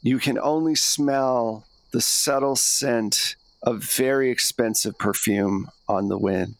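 Guy running a tabletop game, middle pitch, dry close sound, calm narrating. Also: no room sound. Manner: measured storytelling narration. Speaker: game master.

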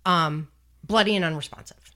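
A woman's voice: fairly low pitch, normal speed, pushed and bright. A woman hosting a true-crime podcast, talking through a case in casual, blunt chat and swearing freely. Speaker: podcast host.

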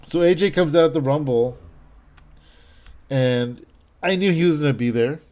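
A man in his thirties talks in a loose, rambling way, piling up fillers and restarts. His voice is mellow and dark in tone, and his enthusiasm comes through as he chats casually. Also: on the high side, normal speed. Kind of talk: casual chat.

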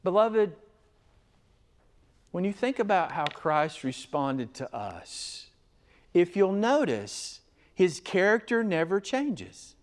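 Guy preaching a sermon, kinda high voice, unhurried, gets loud then drops real quiet. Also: very animated, slight background noise. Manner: earnest, emphatic, swings between loud stresses and quiet asides. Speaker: pastor. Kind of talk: expository sermon.

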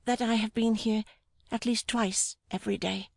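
Little Dorrit, a woman voicing a timid gentle girl. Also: a little high, fairly even intonation, moderate pace, gravelly, no echo, clean studio sound. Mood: tender. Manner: soft, hesitant and affectionate. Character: gentle, timid young woman, tender and devoted. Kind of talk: audiobook dialogue reading.

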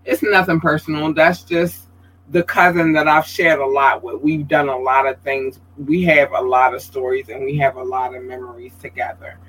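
A man hosts a casual livestream podcast at normal speed, chatting expressively with his viewers and reading out their comments. His voice has a breathy edge and leaps up high when he gets excited, and the recording is rough.

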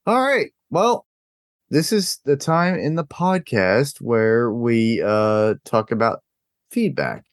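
A man's voice: mid-range voice, expressive, slow, dry recording, clean studio sound. A man hosting a podcast, introducing a listener-feedback segment in casual chat. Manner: loose, segue-style hosting. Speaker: podcast host.

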